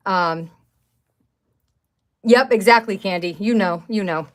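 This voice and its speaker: A middle-aged woman talks in a loose, rambling way on a live craft stream. Her pitch sits in the middle for a woman, and she often breaks into excited exclamations. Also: takes it slowly. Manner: chatty, rambling, exclaims over items. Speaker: craft channel host. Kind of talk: casual live-stream chat.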